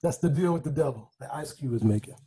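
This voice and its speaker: A man hosting a casual podcast chat, excitable and joking, often laughing as he talks. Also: mid-range voice, fast talker, breathy edge, rough recording. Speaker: podcast host.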